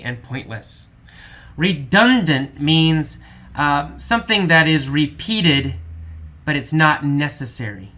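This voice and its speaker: Male English teacher, bright tone, patient and repetitive vocabulary explanations. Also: medium pitch. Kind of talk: vocabulary lesson explaining words.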